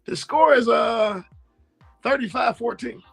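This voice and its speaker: Very high, gravelly boastful man. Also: unhurried, fairly bright tone, faint music behind. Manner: boastful trash talk, playful, addresses the audience. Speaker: sports talk co-host. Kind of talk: casual sports chat.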